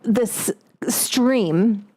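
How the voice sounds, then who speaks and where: A woman in her late thirties with a high voice hosts a casual cooking stream. She talks bluntly and rambles, swears freely and laughs often. Her voice is picked up by an omnidirectional mic. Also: drawn-out words, warm tone. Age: late 30s. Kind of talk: casual livestream chat.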